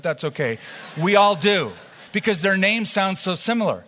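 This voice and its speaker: A man's voice: mid-range voice, bright, forceful tone. A man teaching a sermon in a conversational way, with asides to his congregation. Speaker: pastor. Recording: long hall reverb.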